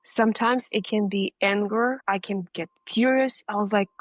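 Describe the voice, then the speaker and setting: A woman's voice: medium pitch, steady tone, moderate pace, dry recording, rough recording. A woman guest in a conversational interview, talking in an earnest, encouraging way. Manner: earnest, encouraging, acts out reactions.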